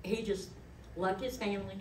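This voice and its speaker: A woman's voice: mid-range voice, level tone, normal speed, background noise. A middle-aged woman, giving a eulogy in a chatty, folksy storytelling way. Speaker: eulogist, daughter of the deceased. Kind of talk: eulogy told as personal stories. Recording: echoey hall, voice from far off.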